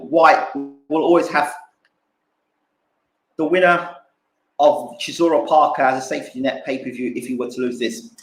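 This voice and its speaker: A man's voice: on the high side, fairly even intonation, normal speed, pauses often, echoey room, slight background noise, poor audio. A man giving casual boxing fight analysis, repeating himself and acting out punches with sound words. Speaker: boxing pundit streamer.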